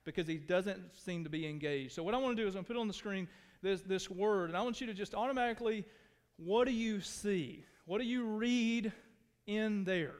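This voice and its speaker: Pastor, male, high voice, earnest sermon, drops hushed then pleads, echo-filled sanctuary. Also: a little fast, clean tone. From Texas. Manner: earnest, shifts between hushed tones and raised pleading. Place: church sanctuary. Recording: long hall reverb.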